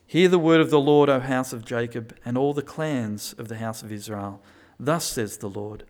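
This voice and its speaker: A man preaching a sermon, moving between quiet reflection and loud, emphatic pleading. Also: medium pitch, normal speed.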